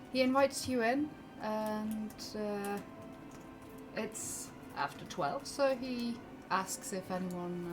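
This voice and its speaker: A woman narrating a tabletop game as game master, unhurried and full of fillers, laughing often. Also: fairly low pitch. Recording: noisy background hiss.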